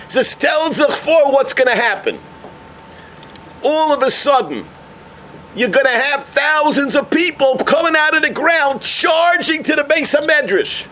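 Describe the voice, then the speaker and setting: A man delivering a sermon as a rabbi. He tells a story with Yiddish and Hebrew terms and builds to emphatic, near-shouted points. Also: extremely high pitch, expressive, measured pace, a little hiss or hum. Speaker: rabbi giving a Torah talk.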